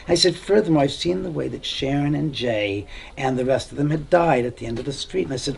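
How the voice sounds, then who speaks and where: A homeowner giving a tour, telling stories in an animated way and acting out the quoted voices of other people. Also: male voice, fairly high pitch, creaky, slight background noise. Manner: acts out quoted dialogue, rambling with restarts. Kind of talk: animated storytelling.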